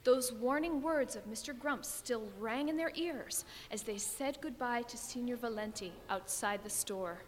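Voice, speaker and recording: A woman reading a children's story aloud, expressive and growing soft and low in the calm passages. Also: unhurried, hardly any pauses, slight background noise. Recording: long reverb with music behind.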